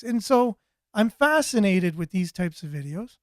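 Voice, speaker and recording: Male host, higher voice, dry close sound, rambling and repeating himself while reading viewer comments. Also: big pitch swings, measured pace, no room sound. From Canada. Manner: rambling, repeats words and restarts. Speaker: talk show host.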